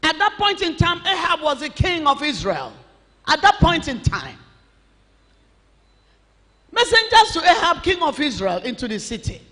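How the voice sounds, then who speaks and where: Pastor, male, high lively voice, slow bright preaching, long hall echo. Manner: preaching, rising to shouts. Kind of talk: sermon.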